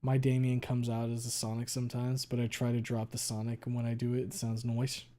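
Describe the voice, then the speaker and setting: A male streamer chatting casually with viewers, talking quickly and running words together, with a lot of swearing. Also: medium pitch, monotone, dark tone. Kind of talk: casual chat reading viewer messages.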